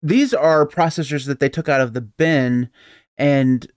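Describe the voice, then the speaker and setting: A man's voice: mid-range voice, a little slow, dry recording, studio quality. A man co-hosting a podcast in a casual, rambling way, chuckling often between points. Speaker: podcast co-host. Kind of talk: casual tech chat.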